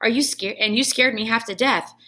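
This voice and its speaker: A woman reading a children's book aloud, voicing a small, earnest classroom hamster who squeaks his words. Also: brisk, pushed and bright. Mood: squeaky.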